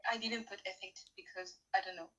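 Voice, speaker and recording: Nervous, slow-talking French teenage girl. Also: on the high side, bright, forceful tone, poor audio. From France. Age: teens. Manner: nervous, hesitant, with many fillers. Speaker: student guest. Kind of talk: nervous interview chat.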